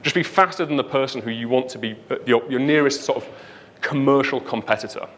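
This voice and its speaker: Northern English man, conference speaker, mid-pitched, casual and lively delivery. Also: fairly quick, a little hiss or hum. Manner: lively, chatty, leans on "right?" and "um". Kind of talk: tech conference talk. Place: conference stage before an audience.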